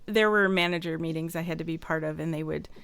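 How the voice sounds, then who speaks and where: A woman's voice: deep voice, fairly even intonation, fast talker, vocal fry, fairly bright tone, clear, resonant tone, no echo. A woman hosting a podcast, chatty, laughing often and asking questions. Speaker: podcast host. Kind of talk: casual podcast conversation.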